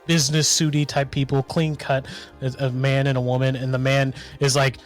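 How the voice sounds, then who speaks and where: A man's voice: mid-range voice, level tone, moderate pace, soft background music. A man narrating a tabletop game as game master, in a loose, hesitant way. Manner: loose, hesitant, full of restarts.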